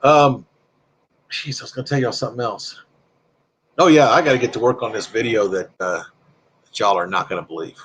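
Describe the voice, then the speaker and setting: A man chats loosely through a live stream, drifting between topics and reading viewer comments aloud. His talk is friendly and unhurried, with a voice of ordinary middle pitch. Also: fairly bright tone, slight background noise. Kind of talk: casual live-stream chat.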